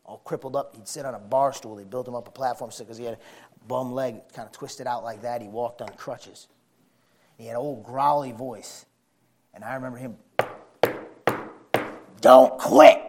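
A man preaching a sermon, folksy, repeating phrases for emphasis. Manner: builds from low conversational to shouting fervor.

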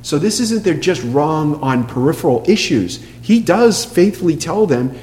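A man preaching a sermon in an emphatic way, asking rhetorical questions and dropping to a soft hush for quoted lines. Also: a little high, sing-song, normal speed. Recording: long hall reverb with faint hum.

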